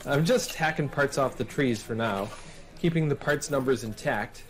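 A man's voice: mid-range voice, normal speed. A man hosting a scripted comedy sketch about model cars, talking in a theatrical, preachy big-brother manner. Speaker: host.

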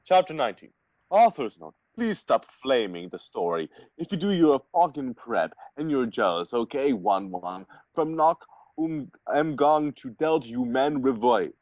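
A young man reading a bad fan story aloud for laughs, sarcastic and animated, over a voice call. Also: medium pitch, measured pace, dry recording, dull audio. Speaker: reader in a group reading. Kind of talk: mock-dramatic comedic reading aloud.

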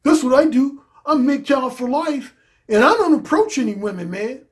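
A man's voice: very high voice, lively intonation, normal speed, voice pushed up. A man voicing a boastful guy who never approaches women, talking in a smug, bragging way.

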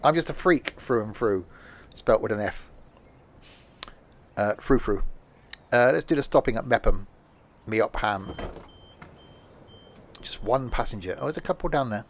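A man chats loosely as he plays a game live, wandering off into silly jokes and asides. His voice sits at an ordinary middle pitch, picked up on a home desk microphone with a faint hiss behind it. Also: lively intonation, a little fast. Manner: rambling, jokey, talks to himself and chat. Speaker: game streamer. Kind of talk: casual live-stream chatter while playing.

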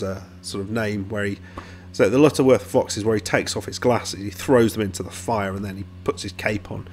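Rambling chatty man, faint hum. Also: fairly low pitch. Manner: rambling, self-interrupting, chatty. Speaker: YouTube host reviewing game blogs. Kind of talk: casual commentary while browsing.

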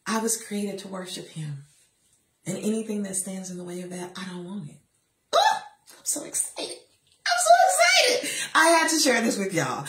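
A woman giving a lively motivational talk, telling personal stories and acting out the voices of the people in them. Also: mid-range voice, roomy sound. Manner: lively storytelling, acts out voices, preachy asides. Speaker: motivational speaker.

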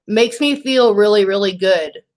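A young woman hosting a casual makeup livestream, reading viewer comments aloud and talking in a warm, teary, laughing way. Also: mid-range voice, unhurried. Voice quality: emotional, teary and laughing, says y'all.

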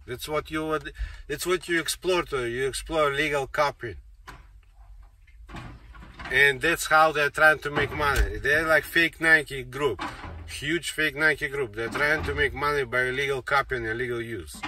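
A man delivers an insistent, rambling monologue, repeating himself and circling back to the same points. His voice is medium-pitched and a little slow, recorded on a distant mic with faint noise.

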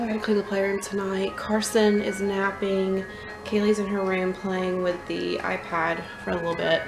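Mom talking low and chatty for her vlog, echoey room, music playing under it. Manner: hushed, chatty, keeping quiet for a sleeping baby. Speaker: mother and family vlogger. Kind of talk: casual vlog update.

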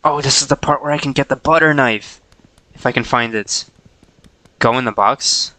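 A man's voice: mid-range voice, moderate pace, sharp tone, poor audio. A man casually chatting to himself while streaming a game, playful and chuckling.

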